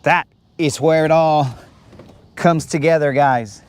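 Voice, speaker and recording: A fishing vlogger with a somewhat high, steady, clean-toned voice talks slowly during a casual live stream. Out on a boat on a lake, he jokes around and teases his brother.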